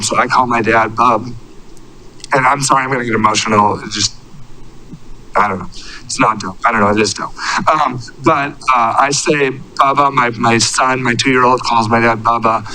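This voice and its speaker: A man in his thirties giving an earnest, halting public comment at a city council meeting, speaking into a podium microphone. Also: mid-range voice, pushed and bright, a little hiss or hum, low-quality recording. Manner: earnest, halting, searching for words. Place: council chamber.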